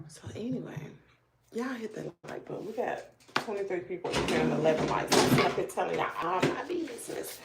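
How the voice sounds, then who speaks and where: A middle-aged woman with a Southern US accent, hosting a livestream and telling a story in a relaxed, chatty way while doing her makeup. She is animated and sometimes drops to a hushed near-whisper. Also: on the low side, normal speed, vocal fry, heavy background noise. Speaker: livestream host. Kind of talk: casual storytelling chat.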